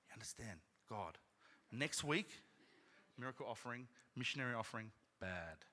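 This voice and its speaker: A man preaching a sermon as pastor, telling a personal story in a conversational way, with frequent "right?" asides and loud emphatic peaks. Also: medium pitch, animated, moderate pace, in a large hall, a little hiss or hum. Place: church sanctuary.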